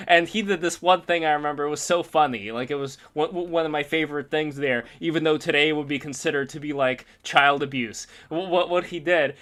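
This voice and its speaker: A man chatting casually on a stream, telling animated stories and swearing freely. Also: on the high side, a little fast, few pauses. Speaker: artist streamer. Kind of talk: casual chat.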